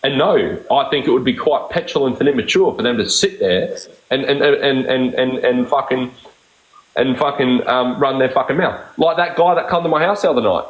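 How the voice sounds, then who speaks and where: A man's voice: mid-range voice, moderate pace, roomy sound, poor audio. A man hosting a live stream, talking bluntly, swearing constantly and repeating himself. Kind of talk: heated casual chat.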